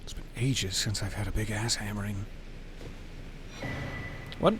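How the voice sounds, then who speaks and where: A man's voice: fairly low pitch, fairly even intonation, unhurried, noisy background. A man streaming a video game, talking casually and playfully to the game and his chat, sometimes reading item text aloud in a mock-dramatic way. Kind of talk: casual gameplay commentary.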